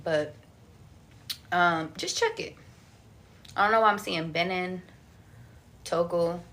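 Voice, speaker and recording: Woman, tarot reader, casual livestream chat, slangy, gravelly edge, bright forceful tone. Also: lowish voice, slow. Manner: chatty, slangy, swears casually.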